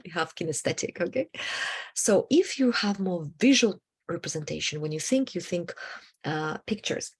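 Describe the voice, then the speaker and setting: A woman teaching a self-help lesson on handling emotions, her voice breathy and a little husky. She talks in a halting way, full of fillers, and often slips into a whisper mid-phrase. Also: fairly low pitch, darkish tone. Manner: halting, many fillers, drops into whispered asides. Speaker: emotional wellbeing coach.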